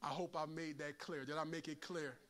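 A man preaching a sermon as pastor. He is folksy and humorous, and he moves in a sing-song cadence from shouted peaks to quiet asides. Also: fairly high pitch, steady tone, fairly quick.

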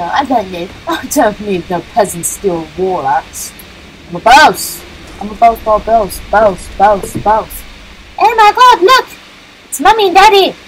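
A woman hosting a gaming channel, giving jokey, excitable let's-play commentary, yelling and chanting at the game as she plays. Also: mid-range voice, slight background noise, rough recording. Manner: jokey, self-mocking.

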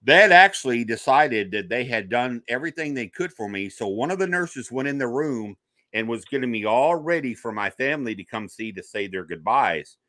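Male guest storyteller, mid-pitched with a bright edge, animated, slips into quoted voices. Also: normal speed, no echo. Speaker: podcast guest, paranormal investigator. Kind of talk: personal storytelling in conversation.

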